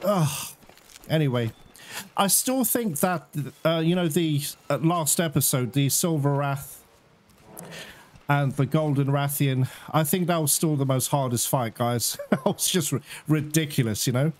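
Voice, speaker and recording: Male gaming host, chatty and excitable, slightly high voice, a little out of breath, soft background noise. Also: unhurried. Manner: excitable, talks to viewers as "guys". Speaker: gaming YouTuber. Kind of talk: casual let's-play commentary.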